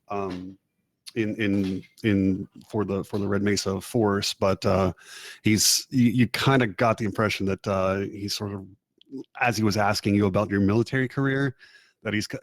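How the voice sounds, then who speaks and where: A man acting as game master, narrating a tabletop game in a relaxed way, laughing often. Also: fairly low pitch, dry recording. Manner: laid-back, laughs often, many fillers.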